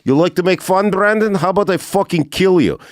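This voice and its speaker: Man doing a gruff ex-soldier. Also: high voice, a little fast, dry recording, studio quality, voice pushed up, lightly acted. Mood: threatening. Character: hulking Russian ex-soldier stripper, hostile and menacing.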